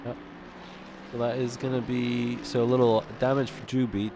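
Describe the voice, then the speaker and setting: A man doing live sim racing commentary in a relaxed, chuckling way, with plenty of fillers. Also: medium pitch, normal speed, background noise.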